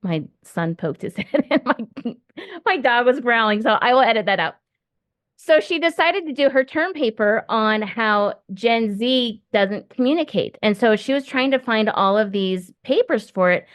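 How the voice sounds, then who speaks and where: A woman's voice: on the high side, animated, normal speed, no echo. A middle-aged woman hosting a podcast from home, talking in a chatty, rambling way with many fillers. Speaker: podcast host. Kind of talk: casual interview conversation.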